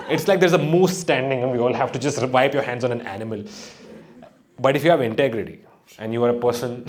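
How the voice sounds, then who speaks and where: An Indian male stand-up comedian performs a live set on a comedy stage, cursing freely and laughing at his own jokes. His voice is mid-range and a little mellow, captured in a noisy venue full of audience laughter.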